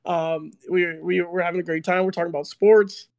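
A young man casually telling a story, animated and laughing, full of filler words. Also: high voice, fairly quick, no room sound.

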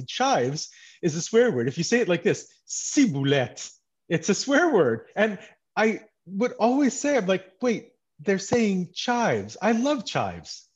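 A man's voice: fairly high pitch, brisk, husky, dull audio. A man from Montreal hosting a podcast, chatting casually and telling joking stories. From Montreal, Quebec. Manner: chatty, joking, animated storytelling. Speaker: podcast host. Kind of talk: casual interview chat.

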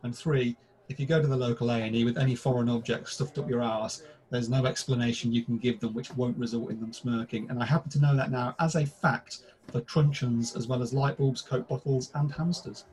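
A man's voice: medium pitch, fairly even intonation, brisk, darkish tone. A British man co-hosting a comedy podcast, delivering crude, mock-formal pub banter in a theatrical manner. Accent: British English. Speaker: podcast co-host. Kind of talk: scripted comic pub banter.

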